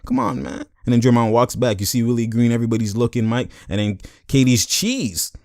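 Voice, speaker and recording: A man's voice: medium pitch, a little mellow, no room sound, studio quality. A man hosting his own channel, breaking down a game clip in loose, slangy casual talk and now and then acting out what the players say. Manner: loose and slangy, repeats filler phrases; acts out players' lines in quick put-on voices. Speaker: YouTube host. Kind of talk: casual sports commentary over a game clip.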